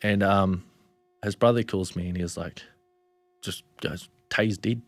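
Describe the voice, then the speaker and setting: Man, New Zealand accent, young adult, low pitch, laid-back, swears a lot, says "bro", podcast guest. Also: unhurried, no echo. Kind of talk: casual storytelling.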